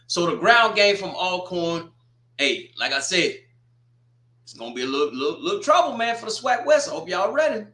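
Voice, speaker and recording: A man giving a casual, animated football score recap, joking and exclaiming as he goes. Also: high-pitched, moderate pace, roomy sound. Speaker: sports commentator.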